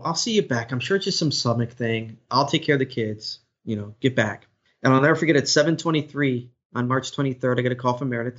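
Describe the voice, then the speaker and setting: An earnest man in his thirties, a sports broadcaster, talks through a difficult personal story on a podcast. His voice sits at an ordinary pitch and he often restarts his sentences. The recording sounds dull and lo-fi. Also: a bit bright. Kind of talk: podcast interview. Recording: dull lo-fi audio.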